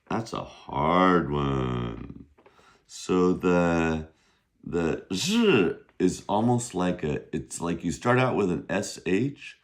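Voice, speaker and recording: A man teaches Mandarin vocabulary casually and patiently, slowly modeling how each word is pronounced. His pitch jumps in lively bursts up high whenever he demonstrates the Chinese tones.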